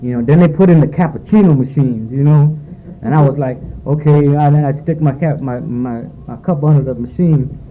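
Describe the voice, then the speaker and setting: Man giving a rambling, heartfelt recovery testimony on a tinny, faintly hissy tape. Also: fairly high pitch. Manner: rambling, heartfelt, full of fillers. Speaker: speaker sharing at a recovery meeting. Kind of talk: personal testimony at a recovery meeting. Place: meeting room at a retreat. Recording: phone-like lo-fi tape with faint noise.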